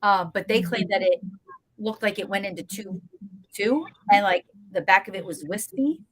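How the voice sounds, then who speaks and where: A woman guest, a paranormal investigator, telling stories in a lively, casual way with lots of fillers. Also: mid-range voice, moderate pace. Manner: animated storyteller, acts out scenes, frequent fillers. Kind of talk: casual storytelling interview.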